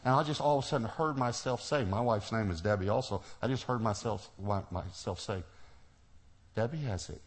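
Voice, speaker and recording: A middle-aged preacher with a fairly low voice tells a personal story from the pulpit. He acts out each exchange and laughs as he goes. The delivery is lively storytelling rather than a lecture. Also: a little fast, few pauses, noisy background. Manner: animated storyteller, acts out dialogue, laughs often. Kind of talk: sermon storytelling.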